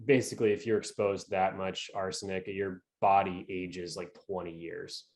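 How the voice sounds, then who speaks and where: A man's voice: deep voice, little pitch movement, normal speed, darkish tone. A man with a New England accent co-hosting a podcast, telling a story in a laid-back, profane way with lots of fillers. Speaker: podcast co-host. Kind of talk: casual storytelling chat.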